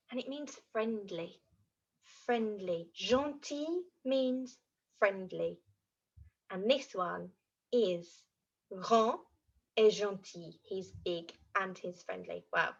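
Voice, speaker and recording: A woman teaching French words to young children in an animated, sing-song way, modeling each word for the children to repeat. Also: medium pitch, extremely slow, creaky, pauses often, husky. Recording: dull lo-fi audio.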